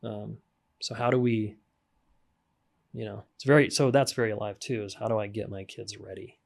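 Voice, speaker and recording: A man's voice: fairly low pitch, moderate pace, creaky. A man talking frankly as a podcast guest, giving practical advice on raising and repairing with children. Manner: frank, animated, acts out parent voices. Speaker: guest, relationship coach. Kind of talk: podcast conversation.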